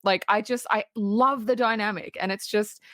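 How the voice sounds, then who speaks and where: A woman co-hosting a podcast, retelling film scenes in an animated, casual way. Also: medium pitch, moderate pace, dry recording, studio quality. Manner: animated retelling with quoted lines. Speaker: podcast co-host. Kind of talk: casual movie review chat.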